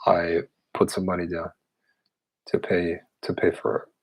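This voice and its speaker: Gravelly low-voiced man, blunt and profane. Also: monotone, a little slow, rough recording. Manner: blunt and profane, with scoffing laughs. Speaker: occultist answering viewer questions. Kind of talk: casual live Q&A.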